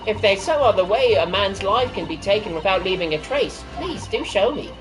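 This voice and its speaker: Woman voicing a snooty courtroom witness, lively pitch swings, music behind. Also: normal speed, close to an everyday voice, rough recording. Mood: haughty. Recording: game music playing behind.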